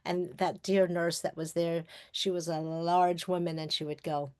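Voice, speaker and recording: A woman in her sixties from Long Island, New York, telling her personal story in a lively way as a guest speaker, often laughing and acting out what people said. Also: lowish voice, moderate pace, clear, resonant tone, no echo, studio quality. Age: 60s. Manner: lively, acts out quoted dialogue, laughs often. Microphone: webinar call microphone.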